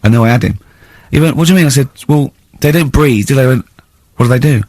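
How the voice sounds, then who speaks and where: A man with an English accent hosting a comedy radio show, telling stories excitably and laughing often. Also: medium pitch, fast talker, husky, no echo.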